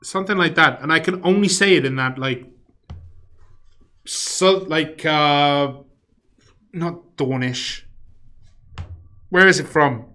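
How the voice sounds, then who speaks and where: A man's voice: on the high side, takes it slowly, pauses often, bright, forceful tone. A young man live-streaming a game, rambling casually, swearing freely and muttering or humming to himself as he plays. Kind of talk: casual live-stream chat while playing.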